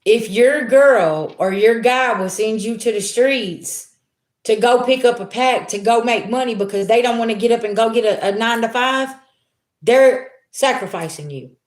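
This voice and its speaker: A woman's voice: fairly high pitch, moderate pace, roomy sound. A middle-aged woman talking candidly and from the heart to her livestream viewers as a tarot reader, streetwise and swearing freely. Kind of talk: casual live-stream talk to viewers.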